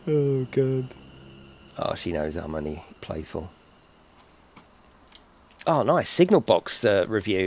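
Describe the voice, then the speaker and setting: Jokey British man streaming, lively voice. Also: fairly low pitch, slow, long pauses. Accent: British English. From England. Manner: chatty and jokey, swears, laughs often. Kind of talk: casual live-stream chat while playing.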